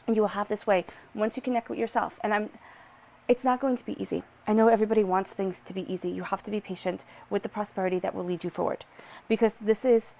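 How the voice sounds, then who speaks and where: A woman's voice: medium pitch, steady tone, gravelly, a little mellow. A woman giving a personal tarot reading in a soothing, reassuring way. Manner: soothing, reassuring, drawn-out repetitions. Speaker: tarot reader.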